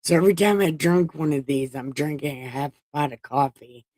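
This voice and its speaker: A woman's voice: low voice, fairly quick, a little mellow, no echo. A woman hosting a casual livestream Bible reading from home, joking, swearing and playfully boastful. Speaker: host reading the Bible aloud.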